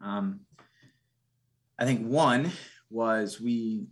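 Man, podcast guest, somewhat low pitch, earnest, reflective, casual storytelling. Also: extremely slow. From United States. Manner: earnest, reflective, many restarts.

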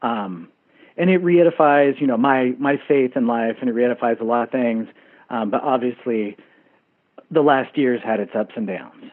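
A man's voice: medium pitch, moderate pace. A man calling a radio show who asks his questions hesitantly and with many fillers. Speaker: caller. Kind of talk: phone-in question. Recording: tinny phone line.

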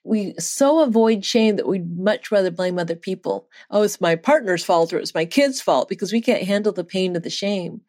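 A woman researcher, a guest in an interview, telling a personal story in an animated, earnest way and laughing now and then. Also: medium pitch, normal speed, few pauses.

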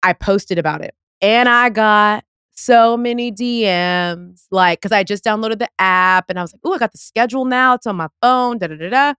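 A woman's voice: medium pitch, normal speed, fairly bright tone, clear, resonant tone, dry recording. Effusive woman podcast host, dry sound. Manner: effusive, talks through laughs and quotes herself. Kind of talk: casual chat.

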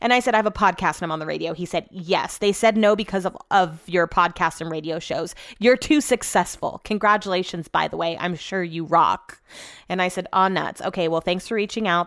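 A young woman hosts her podcast, recounting a story in a chatty, animated way with the odd curse. Her voice is smooth and clear. The close mic sounds dry, with no room around it. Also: fairly low pitch, brisk, dry recording. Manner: chatty, animated, swears when annoyed. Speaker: podcast host. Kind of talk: casual storytelling monologue.

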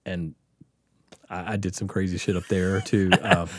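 A man from the Mississippi coast telling a wild story on a podcast, animated, profane and laughing often. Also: low-pitched, moderate pace, no echo, clean studio sound. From Mississippi Gulf Coast. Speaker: podcast guest. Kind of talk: casual storytelling.

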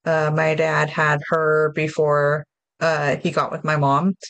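A woman's voice: deep voice, completely flat delivery, slow pace, fairly bright tone, dry recording. Chatty woman podcast host, dry mic. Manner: upbeat and chatty, steers the conversation. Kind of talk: casual chat.

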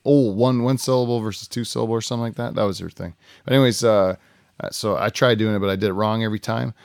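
A man's voice: lowish voice, steady tone, fast talker, vocal fry, darkish tone, no room sound. Guy podcast host rambling and laughing thru a story, swears a lot, dry sound. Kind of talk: casual storytelling chat.

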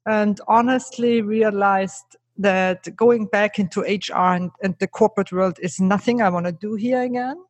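A woman's voice: mid-range voice, fairly even intonation, normal speed, dry recording. A middle-aged woman, not a native English speaker, telling her career story earnestly on a podcast as a guest speaker. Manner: earnest, emphatic, asks rhetorical "right?". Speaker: guest, keynote speaker and trainer.

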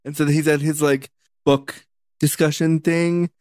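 A man's voice: on the high side, level tone, a little slow, darkish tone, no room sound. A man casually recapping a film with jokes and swearing, in a rambling chat.

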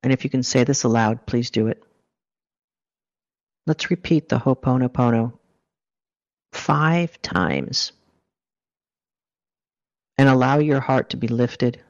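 A man's voice: medium pitch, slow, pauses often. A man giving a motivational self-help talk, coaching the listener earnestly through a guided exercise. The recording sounds dull and lo-fi.

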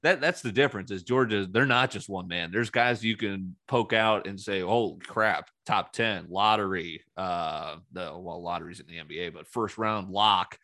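Male sports talk host, low voice, dry close sound, rambling, opinionated, sarcastic. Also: normal speed, few pauses, sharp tone, no echo. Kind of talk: casual solo sports commentary.

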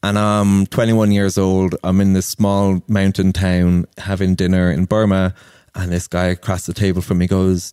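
Irish-born man in his 30s, very low and smooth voice, dry close sound, earnest storyteller. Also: monotone, normal speed, warm tone, no room sound. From Ireland. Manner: earnest, personal, anecdotal. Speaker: interview guest. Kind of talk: reflective storytelling in conversation.

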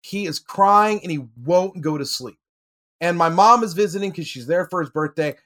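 A man's voice: high voice, moderate pace, a bit bright. A man on a podcast panel, telling a personal story in casual chat, with many fillers and laughs.

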